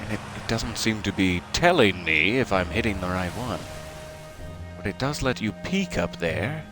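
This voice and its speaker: Low-voiced man musing over a game. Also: expressive, normal speed, music in the background. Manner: whimsical, musing, chatty. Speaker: game streamer. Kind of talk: let's play commentary.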